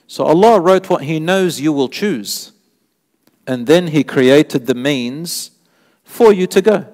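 A man giving a sermon in a mosque, telling stories with lively rising emphasis and quoting Arabic scripture. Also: on the high side. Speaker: sheikh giving a mosque lecture. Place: mosque lecture hall. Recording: long hall reverb.

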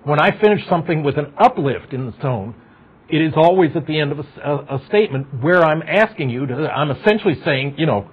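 A middle-aged man with a fairly high, slightly rough voice and lively intonation lectures briskly on psychology in a university lecture hall. He speaks conversationally, questioning the class and making wry asides. The recording is dull and lo-fi.

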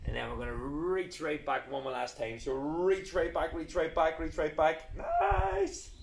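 A man's voice: on the high side, big pitch swings, unhurried, gravelly, reverberant, background noise. A man leading a live children's PE class, giving playful step-by-step exercise cues. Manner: upbeat, playful, step-by-step cueing. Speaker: children's PE coach. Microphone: camera set back across the room.

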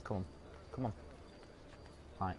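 A man's voice: slow pace, noisy background. A man chatting casually and rambling over his own gameplay as a streamer. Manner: chatty, rambling, self-correcting. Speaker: gaming streamer. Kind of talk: casual let's-play commentary. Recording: game music playing behind.

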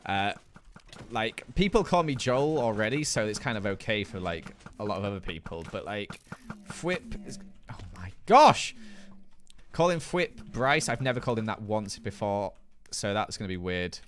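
A man's voice: on the low side, expressive, moderate pace. A British man hosting a live gaming stream, chatting playfully and reading viewer comments aloud. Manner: chatty, playful, jokey banter with chat.

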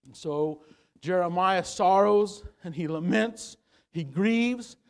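A male pastor preaching a sermon, rising to loud emphatic peaks and dropping to quiet low passages, with repeated words as he gathers his thoughts. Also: slow pace. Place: church sanctuary.

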